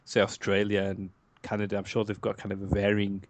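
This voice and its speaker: A man's voice: lowish voice, completely flat delivery, fairly quick, no room sound. A man from England chatting casually on a podcast, hedging a lot with filler phrases. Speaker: podcast co-host. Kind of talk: casual chat.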